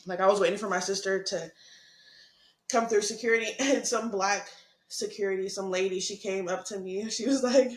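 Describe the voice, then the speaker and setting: A woman's voice: medium pitch, fairly quick. Laughing young woman in an echoey room. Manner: animated, laughing, swearing, acts out quotes. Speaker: podcast co-host. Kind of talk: casual storytelling chat.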